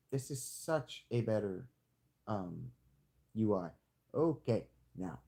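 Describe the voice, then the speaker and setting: Lively, rambling male game streamer. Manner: rambling, jokey self-talk with sudden high squeaks; playfully hamming a hick drawl. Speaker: streamer playing a strategy game. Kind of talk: casual live-stream commentary.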